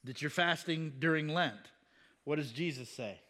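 High-voiced pastor teaching casually. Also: male voice, normal speed, sharp tone. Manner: conversational, rhetorical questions, chuckles.

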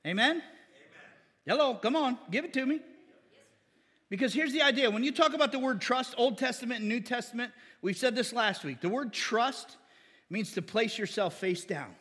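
A man's voice: very high voice, lively intonation, moderate pace, fairly bright tone, breathy edge, big-room sound. A man preaching as pastor, often calling for an amen from the congregation. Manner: call-and-response asking amen. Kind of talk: sermon.

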